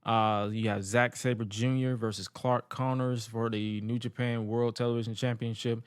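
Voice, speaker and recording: A man's voice: medium pitch, level tone, moderate pace, smooth, dry recording, studio quality. A man co-hosting a podcast, chatting casually about wrestling, loose and rambling, tripping over names. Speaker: podcast co-host.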